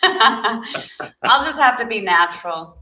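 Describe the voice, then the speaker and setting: Bright, upbeat South Africa-born woman, guest chat, echoey room. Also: on the high side, animated, slow, slight background noise. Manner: upbeat, laughs often, restarts phrases. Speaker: guest, magazine founder. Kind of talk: casual interview chat.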